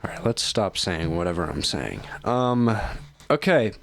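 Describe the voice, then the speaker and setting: A man's voice: deep voice, big pitch swings, unhurried, creaky. A man hosts his own show and talks through clips in a loose, meandering way. He sounds tired and keeps yawning. He pokes fun at himself as he goes. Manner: joking, self-mocking, loose. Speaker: streamer host reacting to videos. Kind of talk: casual rambling commentary.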